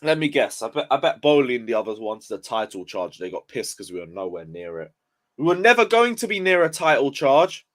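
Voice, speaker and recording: A man's voice: mid-range voice, sing-song, fairly quick. A young man ranting on a casual football live stream, just woken up and yawning, swearing in frustration as he reads chat aloud. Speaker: football livestreamer.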